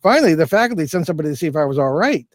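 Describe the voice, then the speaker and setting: A man's voice: a little high, sing-song, racing, no room sound. An older man, a paranormal investigator, telling a long story in an interview, rambling with many fillers and restarts.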